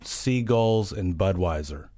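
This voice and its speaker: A man's voice: deep voice, lively intonation, takes it slowly, dark tone. Laid-back male podcast co-host. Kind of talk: casual podcast chat.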